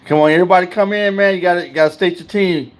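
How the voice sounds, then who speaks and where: A man's voice: high-pitched, fairly even intonation, rapid-fire. A man hosting a casual livestream, talking loosely and in slang straight to his chat. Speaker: livestream host.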